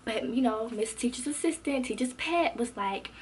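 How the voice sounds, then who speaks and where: A young adult woman vlogger telling a casual storytime, animated and slangy, acting out what others said. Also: fairly high pitch, normal speed, slight background noise. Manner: animated, expressive, slangy, acts out quotes.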